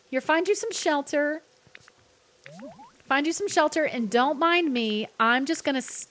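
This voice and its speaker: A woman's voice: high voice, a bit bright. A young adult woman chatting casually while streaming a game, playful and talkative as she reads chat aloud. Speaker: livestreamer.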